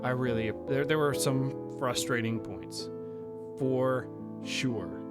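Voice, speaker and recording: A man's voice: mid-range voice, slow, loud music behind the voice. A man giving casual, reflective game commentary in a loose, unpolished way. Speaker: gaming YouTuber.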